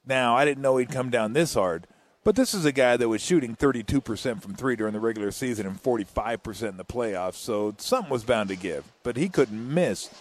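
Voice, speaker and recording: A male basketball analyst chatting after the game, full of dry jokes and lively stories. He talks casually and laughs easily at his own tales. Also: mid-range voice, fairly quick. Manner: jokey, animated storyteller with laughs. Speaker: color analyst. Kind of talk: postgame broadcast chat.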